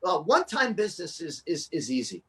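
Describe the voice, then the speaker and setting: A man chatting as a guest, an excitable storyteller who restarts his sentences a lot. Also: on the high side, a little fast. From New Jersey. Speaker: guest, children's fitness performer. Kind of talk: casual interview chat.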